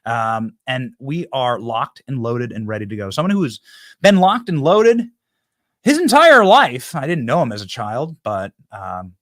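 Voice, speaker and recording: Animated joking male show host. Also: mid-range voice, a little slow, no echo, studio quality. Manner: joking, animated, teasing crew. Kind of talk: live political show chat.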